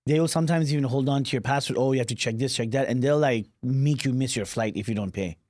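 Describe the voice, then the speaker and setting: A man's voice: medium pitch, quick pace, darkish tone, no room sound, clean studio sound. A male podcast co-host in casual interview chat, chiming in with his own remarks.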